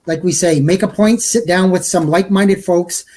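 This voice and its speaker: A podcast guest speaks at a middle pitch. They talk earnestly and think aloud as they go, using fillers along the way. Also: moderate pace, a little mellow. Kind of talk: casual podcast chat.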